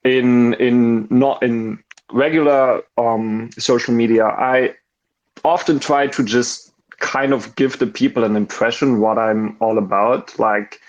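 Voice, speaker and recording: A man from Germany with a German accent, speaking English in casual chat, halting and full of ums and restarts. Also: medium pitch, fairly even intonation, lo-fi sound. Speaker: caller in an audio chat room.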